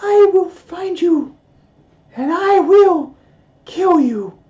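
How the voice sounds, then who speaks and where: A man putting on a shrill falsetto as a menacing villain, on a dull lo-fi recording. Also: expressive, drawn-out words, a little mellow, heavily acted. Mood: mock menacing. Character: squeaky high-voiced menacing man. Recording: dull lo-fi sound.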